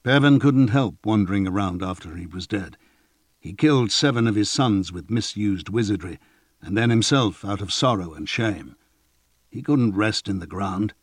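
A man reading a fantasy audiobook in an even, measured way. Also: lowish voice, dry recording. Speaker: narrator. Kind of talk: audiobook narration.

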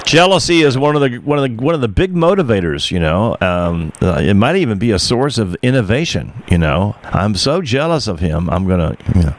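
Lowish male voice, lively intonation, rambling co-host, faint background noise. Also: brisk, few pauses. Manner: hesitant, lots of fillers and restarts, musing. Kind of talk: casual rambling talk.

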